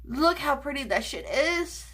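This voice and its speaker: A woman chats unhurriedly through a casual makeup vlog at home. Her voice sits slightly high and sounds bright and forward, and she gushes over products with plenty of swearing. She often slips into breathy whispers of delight. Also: sing-song, unhurried. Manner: gushing, swears freely, gasps and drifts to whispers. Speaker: beauty vlogger.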